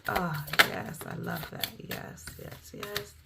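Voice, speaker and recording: A woman's voice: lowish voice, sing-song, takes it slowly, gravelly, very noisy. A woman giving a casual spoken tarot reading, heartfelt and informal, with occasional cursing. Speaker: tarot reader.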